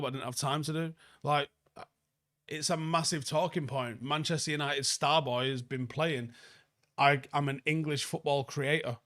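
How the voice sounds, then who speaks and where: Blunt sweary football host. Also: male voice, mid-range voice, a bit bright. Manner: blunt, sweary, reads viewer comments aloud and answers them. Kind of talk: live stream chat review.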